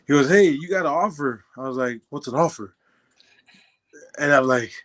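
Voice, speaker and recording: A man's voice: on the high side, a little fast, long pauses, a bit bright. A young man in his twenties, a podcast guest casually telling his life story, acting out dialogue and laughing often. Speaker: podcast guest, former football player.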